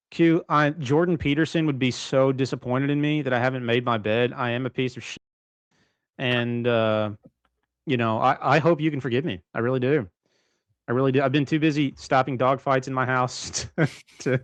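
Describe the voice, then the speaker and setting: A man's voice: mid-range voice, steady tone, moderate pace, long pauses, no room sound. A man co-hosting a casual livestream from his bedroom, rambling with many restarts and frequent laughs. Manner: rambling, self-correcting, laughs often. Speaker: livestream co-host.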